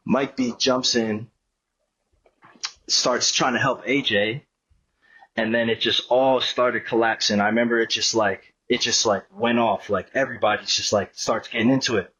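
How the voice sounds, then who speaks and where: A man's voice: medium pitch, steady tone, moderate pace, a bit bright, breathy edge, lo-fi sound. A man guesting on a podcast, telling a long story in a rambling, profane, casual way and acting out what people said. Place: podcast studio.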